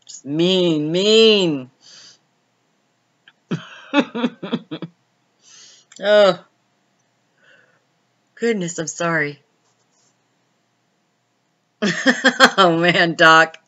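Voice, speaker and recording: A woman's voice: lowish voice, extremely slow, pauses often, sharp tone, lo-fi sound. A woman hosting a casual late-night live stream, reading viewer comments aloud, laughing often and telling stories. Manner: chatty storytelling.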